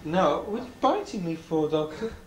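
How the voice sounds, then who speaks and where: A woman's voice: lowish voice, very animated. A woman lying in bed as a patient, teasing and giggling in playful banter at home. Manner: teasing, giggly, slow and drawn out. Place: bedroom at home. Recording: echoey room with loud background noise.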